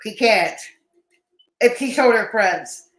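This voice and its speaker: A woman hosts a live reaction stream with a slightly high voice. She talks sarcastically, laughs often and answers viewers in chat. The room around her mic is noticeably echoey. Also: expressive, takes it slowly. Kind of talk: casual live-stream commentary.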